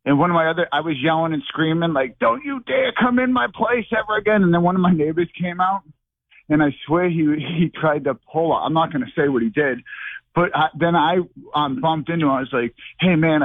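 A man's voice: a little high, fast talker, no room sound. A man calling in to a radio show by phone, rambling and scattered, sounding out of breath. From Boston area. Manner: rambling, scattered, lots of fillers. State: short of breath. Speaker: caller. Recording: tinny phone line.

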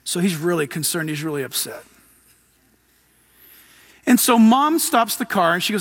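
A man's voice: high voice, sing-song, normal speed, long pauses, fairly bright tone, long reverb tail. A man preaching a sermon, telling stories and rising to emphatic exhortation.

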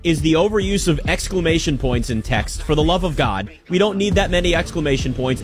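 A man hosting a live sports talk show, bantering loudly with a studio colleague, then talking casually about football. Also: fairly high pitch. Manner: animated, joking banter, loud and energetic. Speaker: sports radio host.

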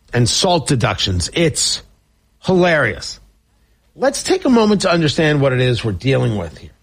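A male talk radio host delivers political commentary with a sarcastic, riffing edge. His voice sits high for a man and swings through a very lively, animated range. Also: breathy edge.

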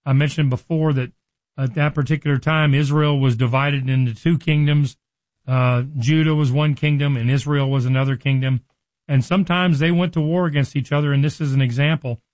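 Higher-voiced man teaching from the Bible. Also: brisk, dry recording. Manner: retells scripture with lively dramatized quotes. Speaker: preacher.

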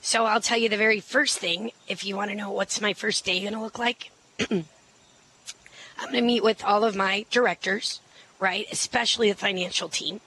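Middle-aged woman candidate, bright tone, confident, quick, filler-heavy interview answers. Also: medium pitch, steady tone, a little hiss or hum, poor audio. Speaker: mayoral candidate.

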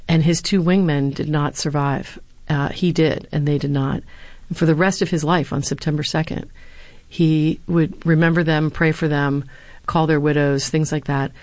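Female former speechwriter and lecturer, low-pitched, earnest storyteller, dry studio sound. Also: steady tone, normal speed, a little mellow, dry recording. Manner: earnest, anecdotal, with some fillers. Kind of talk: interview answers, storytelling.

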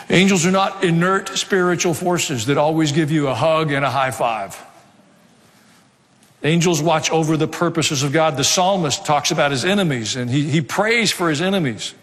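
A middle-aged pastor preaching a sermon, conversational, with asides and dry humor. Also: male voice, a little high, fairly bright tone. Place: church sanctuary. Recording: long reverb of a hall.

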